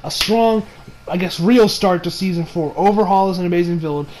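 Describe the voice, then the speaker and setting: A man's voice: high voice, brisk, a little mellow, slight background noise, poor audio. A young man casually reviewing an anime episode, rambling, swearing and often breaking into laughter.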